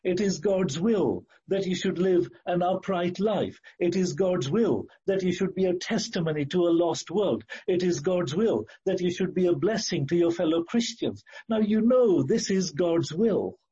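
A man preaching a sermon in an earnest, emphatic way, repeating key phrases and slowing down to stress words. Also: high voice, mellow, breathy edge, lo-fi sound.

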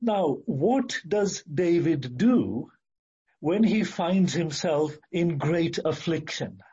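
A man delivers a sermon at a slow, measured pace, stressing key words and stumbling over occasional fillers. His voice is husky and mellow and sits a little high for a man. The recording sounds dull and lo-fi. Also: animated. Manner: slow, deliberate, emphatic with hesitant fillers. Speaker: preacher.

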